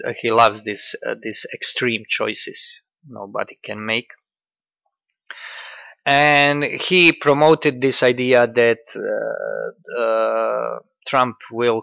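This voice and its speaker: A man giving casual political commentary in a halting, sardonic way, full of fillers. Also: mid-range voice, creaky, sharp tone, no echo.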